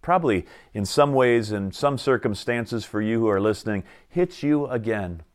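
A middle-aged man preaching a sermon, reflective and pausing to let his points sink in. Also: lowish voice. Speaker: pastor.

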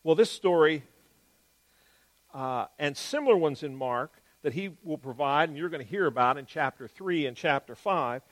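Man, Bible teacher, slightly high voice, explanatory, emphatic on key words, quick then slow phrasing. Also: lively intonation.

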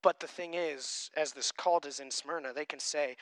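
A man preaching a sermon and reading scripture, emphatic, swinging between loud passages and quiet ones. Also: a little high, steady tone, fairly quick, clean tone, no room sound. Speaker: pastor.

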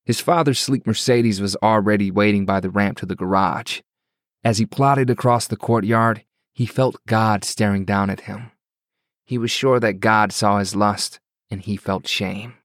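Man, audiobook narrator, lowish voice, dry close sound, measured even reading. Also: no echo.

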